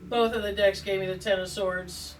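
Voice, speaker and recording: A woman's voice: medium pitch, fairly even intonation, normal speed, far from the mic, a little hiss or hum, low-quality recording. A woman hosting a tarot video, chatting in a rambling, joking, self-deprecating way with plenty of asides. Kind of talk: rambling casual chat. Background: faint background music.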